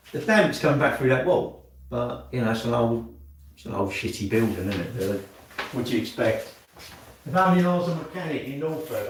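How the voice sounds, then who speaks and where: A man chatting live to his viewers at home, rambling and blunt, swearing freely and swinging from loud jokes to low grumbles. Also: slight background noise. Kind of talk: casual live-stream chat. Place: at home, moving about near the kitchen. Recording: echoey room.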